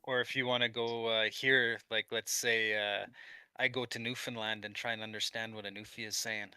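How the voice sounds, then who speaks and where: A man's voice: fairly low pitch, flat delivery, normal speed, pushed and bright, clean tone, no room sound. A man from Quebec chatting casually as co-host on a livestream, easygoing, with fillers and chuckles. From Quebec, Canada.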